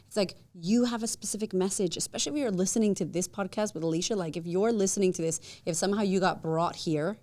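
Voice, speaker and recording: A woman guest on a podcast, an author and speaker, chatting casually and telling stories with acted-out quotes. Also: lowish voice. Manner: animated storyteller who acts out quotes. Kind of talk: casual interview chat.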